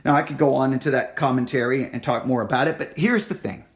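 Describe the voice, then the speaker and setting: A man preaching a sermon, reading scripture aloud and retelling it with dramatic pauses, repeated words and sudden drops to a near-whisper. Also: mid-range voice.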